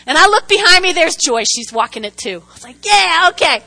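A woman with a high, bright voice preaches to her congregation. She tells funny stories about herself and keeps calling out for answers from the room. Her delivery is animated and conversational. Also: fast talker, low-quality recording. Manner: animated, humorous storytelling with audience call-and-response. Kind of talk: sermon.

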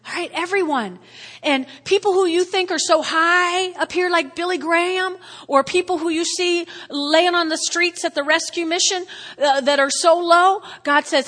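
A woman pastor delivers an emotional sermon, her high, bright voice leaping from shouted declarations to hushed whispers. At times she sounds close to tears. Long reverb from a church hall trails each phrase. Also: normal speed. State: tearful at times.

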